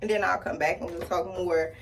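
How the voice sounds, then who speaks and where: A woman's voice: fairly quick, vocal fry, far from the mic, slight background noise. A woman telling a story animatedly while doing her makeup, acting out the people in it. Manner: animated, acts out quoted people with big pitch jumps. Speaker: beauty vlogger.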